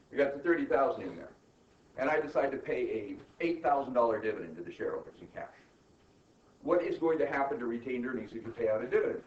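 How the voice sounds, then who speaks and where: A man's voice: medium pitch, a little mellow. Emphatic male lecturer in a roomy classroom. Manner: emphatic, peppers questions with "right?" and "okay?". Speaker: accounting instructor. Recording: muffled, roomy classroom recording from far off.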